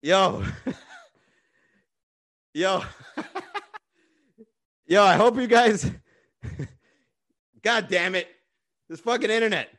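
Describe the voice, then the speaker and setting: A comedian with a somewhat high voice hosts a casual livestream on his phone. He rambles, swears freely and roasts his viewers by name. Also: expressive, drawn-out words, pauses often, a bit bright. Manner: profane, rambling, teasing. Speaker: stand-up comedian and livestream host.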